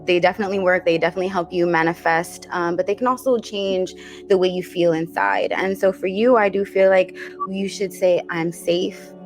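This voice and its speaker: A woman hosting a dream interpretation show, speaking gently and emotionally, slowly repeating comforting affirmations. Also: fairly low pitch, fairly even intonation, faint music behind. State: emotional, teary. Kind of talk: warm encouraging talk show chat.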